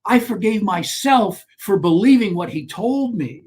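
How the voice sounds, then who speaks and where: A man, a guest on a talk show, telling a personal story in an animated way, with frequent restarts and rising emphasis. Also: sits high, unhurried, slight background noise. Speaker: guest, author on shame.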